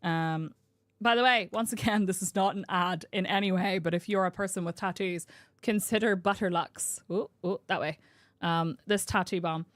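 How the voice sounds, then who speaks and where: In a dry recording, a young Northern Irish woman speaks on the low side at normal speed. As a variety streamer, she offers casual live-stream commentary while playing a survival game, chatting, rambling, and often laughing.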